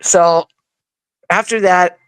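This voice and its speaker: A woman's voice: on the low side, takes it slowly, clear, resonant tone, no room sound. A woman as an interview guest, telling a personal story in casual words and acting out what she said back then. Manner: animated, acts out her own past words; casual, informal wording.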